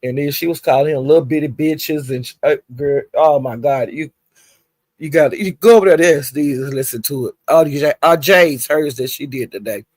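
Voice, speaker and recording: A woman's voice: low voice, a little fast, darkish tone, no room sound. Woman, gossip vlogger, chatty, cussing freely, chuckles between stories, dry close sound. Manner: chatty, profane, laughing asides. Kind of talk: casual gossip storytelling.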